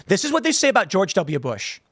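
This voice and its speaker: A man's voice: high-pitched, huge pitch swings, a little fast, fairly bright tone, husky, no room sound, clean studio sound. Guy ranting on a politics show, blunt and mocking, voice jumps all over. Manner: sarcastic, mocks canvassers with impressions; blunt and conversational. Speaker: political commentary show host. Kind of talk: animated political commentary.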